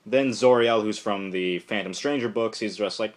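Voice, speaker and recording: A man's voice: fairly low pitch, moderate pace, few pauses. A young man casually reviewing a comic book, rambling with many fillers and acting out the characters' lines.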